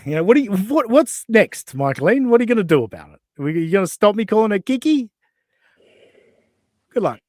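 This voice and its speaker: A man's voice: high-pitched, sing-song, brisk, a little mellow, no echo. A man hosting a podcast, mocking and profane as he reacts to clips in casual chat. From Australia. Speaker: podcast host.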